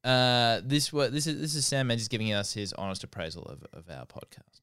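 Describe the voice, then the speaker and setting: A man's voice: medium pitch, brisk, a bit bright, smooth. A man co-hosting a comedy podcast, joking around and laughing often as he talks. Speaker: podcast co-host. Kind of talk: casual comedy chat.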